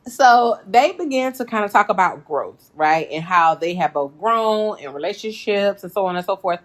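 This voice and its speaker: Woman doing a chatty recap for her viewers, animated, laughs a lot, keeps saying y'all. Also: medium pitch, normal speed. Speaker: reality TV recap host. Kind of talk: casual reaction commentary.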